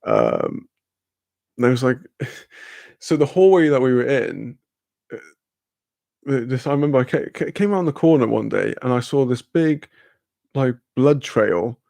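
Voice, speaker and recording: A man's voice: medium pitch, expressive, unhurried, gravelly, long pauses, dark tone, no echo. A young man, casually telling a rambling story with lots of fillers, laughter and swearing. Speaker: streamer.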